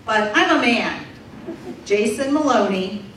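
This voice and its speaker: A woman interpreting a deaf comedian's stand-up set aloud for a live audience, in a lively, animated way. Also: on the high side, measured pace, slight background noise. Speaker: sign language interpreter voicing a deaf comedian. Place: large room with a live audience. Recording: echoey distant room recording.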